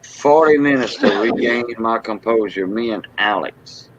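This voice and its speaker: A man from Southwest Louisiana with a Cajun accent, talking in a halting, patient way in a casual memorial chat. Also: mid-range voice, expressive, noisy background. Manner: halting, explains things patiently. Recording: dull lo-fi online audio.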